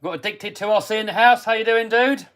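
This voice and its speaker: An English man runs a laid-back live stream about radio-control cars, reading viewer comments aloud and answering them in a friendly, chatty way. His voice sits a little high for a man. Now and then he drops into a quiet mutter while working on a part. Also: quick pace. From England. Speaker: RC hobby livestream host. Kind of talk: casual live-stream chat while working on a model car.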